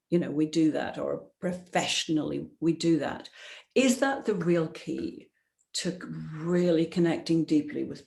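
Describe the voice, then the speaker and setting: A woman's voice: sits low, creaky, darkish tone. A woman hosting an interview, affirming her guest and asking long, thoughtful questions. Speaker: interview host. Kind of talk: conversational interview. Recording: roomy echo.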